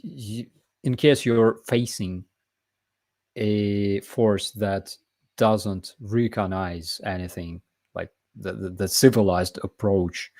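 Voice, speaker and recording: A man's voice: lowish voice, a little mellow, no echo. A man from Ukraine with a Ukrainian accent, hosting a live Q&A chat in an emphatic, conversational way. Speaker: host.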